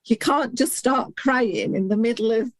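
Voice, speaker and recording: A woman's voice: a little high, no room sound. Earnest middle-aged woman, dry close sound. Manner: earnest and heartfelt, halting restarts. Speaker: guest, intuitive healer and hypnotherapist. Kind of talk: candid podcast conversation.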